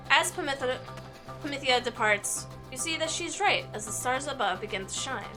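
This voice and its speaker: A woman's voice: sits high, expressive, normal speed. A woman streaming a game who reads the story text aloud and breaks off into joking asides. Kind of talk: live game playthrough, reading the story aloud. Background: game music.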